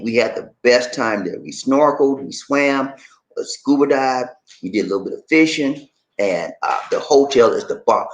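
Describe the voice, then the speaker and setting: Male vlogger, casual to-camera travel advice, very animated pitch, buddy-style chatter. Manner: animated, chatty, calls the viewer "man" and "baby", repeats points.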